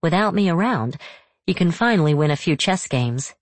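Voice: mid-range voice, animated, moderate pace, dry recording, voice pushed up, lightly acted. A narrator voicing a mother who teases and encourages her daughter, in a lifted, playful tone. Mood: teasing. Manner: teasing, encouraging. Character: warm teasing mother. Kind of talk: audiobook character voice.

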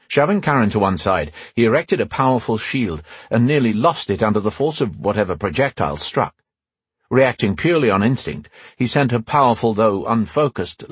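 A man with a low, strongly husky voice narrates a fantasy audiobook. His reading is measured, with lively pitch. He sits close to a mic in a dry booth. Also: no echo. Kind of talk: scripted narration.

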